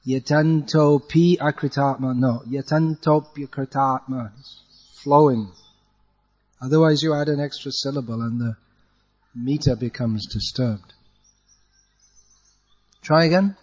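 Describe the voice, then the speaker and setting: Chanting Sanskrit verse slowly so his students can follow, a man patiently corrects their pronunciation. His pitch is medium and his tone darkish, heard in a big, roomy space.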